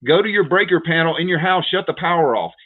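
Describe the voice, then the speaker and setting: A man's voice: on the high side, lively intonation, fast talker. Urgent man on tinny phone-like audio. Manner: urgent, repetitive, keeps calling viewers "folks". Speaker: prepper livestream host. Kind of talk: direct-to-viewer livestream rant.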